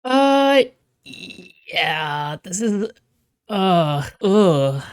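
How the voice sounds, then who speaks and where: A woman's voice: on the low side, expressive, measured pace, long pauses, dry recording, studio quality. A woman streaming casual reaction commentary, blunt and swearing freely, laughing often.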